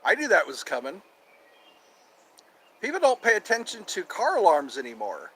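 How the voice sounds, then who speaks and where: Brief: man host, goofy and rambling, high voice with a lot of bounce in it. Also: huge pitch swings, normal speed, sharp tone, a little hiss or hum. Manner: playful, goofy, drifts between topics. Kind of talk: rambling casual monologue.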